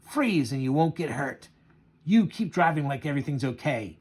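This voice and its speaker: A man reading out the threatening lines of a lowlife crook from a comic. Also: very animated, moderate pace, darkish tone, breathy edge. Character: lowlife male knife-wielding crook.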